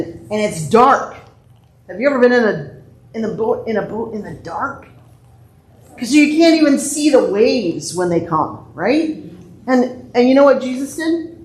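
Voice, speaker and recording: A woman leading worship, reading scripture and then telling a lively, playful children's message full of exclamations. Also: medium pitch, slight background noise. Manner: animated, playful storytelling with exclamations. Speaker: church leader giving a children's message. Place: church sanctuary. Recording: echoey church sanctuary.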